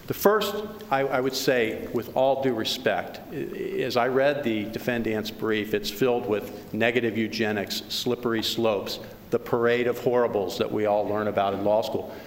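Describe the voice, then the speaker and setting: A man's voice: lowish voice, fairly even intonation, moderate pace. A male attorney making an emphatic oral argument in court, hammering rhetorical questions and tripping over restarts. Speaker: attorney for the plaintiffs. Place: large courtroom. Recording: reverberant courtroom recording with faint noise.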